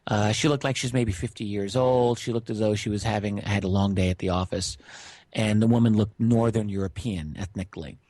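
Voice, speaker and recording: A middle-aged man on a radio interview, telling a witness's strange story in a relaxed way with many fillers. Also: fairly low pitch, fairly quick, no echo. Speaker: guest researcher.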